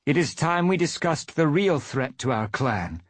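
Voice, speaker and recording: A man voicing a stern she-cat clan leader in a measured, menacing way during a live reading of a cat novel. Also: a little high, lively intonation, no echo, pitched above the performer's own voice. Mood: commanding.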